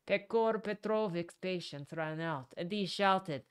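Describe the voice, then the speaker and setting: A woman voicing a hysterical young female secretary, shrill, tearful and frantic, in a storybook reading. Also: measured pace, smooth, lightly acted. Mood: agitated.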